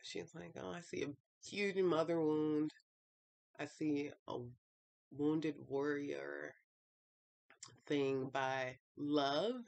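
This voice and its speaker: A woman's voice: deep voice, steady tone, extremely slow, creaky, long pauses, darkish tone. A woman vlogger talking casually and emotionally about her feelings, sighing often and rambling with many fillers. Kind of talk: casual confessional talk.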